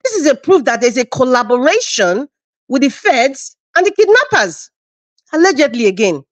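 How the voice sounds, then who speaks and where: A woman's voice: sits high, sing-song, moderate pace, dry recording. A woman hosting a live-stream commentary show, speaking with passion and repeating phrases for emphasis.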